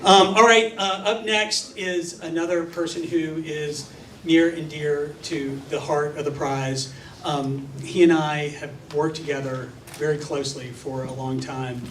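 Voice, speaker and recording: A man's voice: a little high, steady tone, a little slow, a bit bright, a little hiss or hum. A man hosting a live event as emcee, talking in a playful, teasing, self-deprecating way. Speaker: event host. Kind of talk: joking emcee speech. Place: large event hall. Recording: echoey hall mic from far off, crowd.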